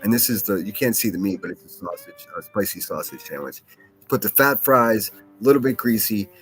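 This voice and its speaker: A man's voice: lowish voice, expressive, fairly quick, soft background music. A man hosting a solo podcast, rambling casually with lots of swearing, fillers and restarts. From Pittsburgh, USA.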